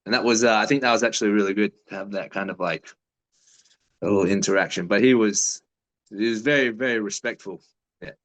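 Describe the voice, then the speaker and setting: A man's voice: lowish voice, fairly quick, fairly bright tone, rough recording. A man in his thirties, a fighter, telling stories in a casual interview with a laid-back, swearing manner.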